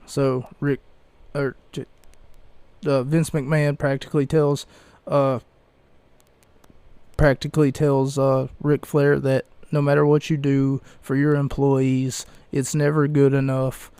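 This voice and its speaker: A young man hosting a casual podcast, rambling through reviews with many fillers, pauses and restarts. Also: mid-range voice, flat delivery, warm tone, clear, resonant tone, no echo. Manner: slow, halting, many fillers and self-corrections. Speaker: podcast host reviewing wrestling events.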